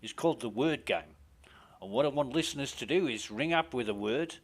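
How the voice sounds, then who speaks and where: A man putting on a loud, cheery Australian radio host. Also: expressive, brisk, natural voice. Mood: chirpy. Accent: put-on Australian. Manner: loud, high, sing-song presenter patter.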